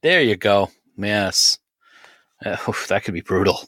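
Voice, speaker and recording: A man's voice: fairly low pitch, animated, measured pace, a bit bright, no room sound, studio quality. A man co-hosting a podcast in casual banter, ribbing his partner with playful jokes and chuckles. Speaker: podcast co-host.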